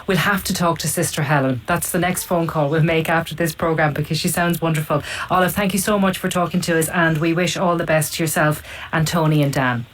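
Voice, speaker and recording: A woman hosting a radio interview, asking questions and thanking guests in a gentle, empathetic way. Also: low voice, steady tone, brisk, hardly any pauses, slight background noise, low-quality recording. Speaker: radio host.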